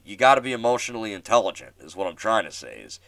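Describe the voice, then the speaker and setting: A man's voice: lowish voice, very animated, fast, fairly bright tone, no room sound. A man in his twenties hosting a podcast, telling a casual story with many restarts and fillers in a self-deprecating way. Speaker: podcast host.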